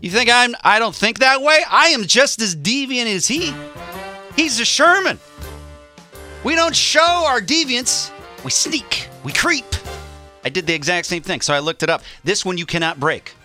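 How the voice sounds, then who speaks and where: A man in his forties co-hosting a morning radio show, telling a story with animated energy and acting out the quotes. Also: very high voice, moderate pace, faint music behind.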